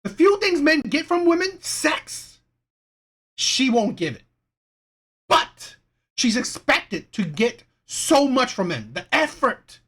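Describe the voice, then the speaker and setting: Woman commentary host, emphatic and indignant, high-ish voice with big swings. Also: very animated, slow, a bit bright, slightly rough. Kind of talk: reaction commentary.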